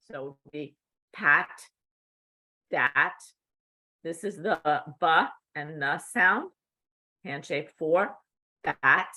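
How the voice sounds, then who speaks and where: Woman, middle-aged, slow patient teacher, bright forceful tone. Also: lowish voice. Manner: slow, patient, checks in with "okay?". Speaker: cued speech instructor. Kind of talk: instructional demonstration.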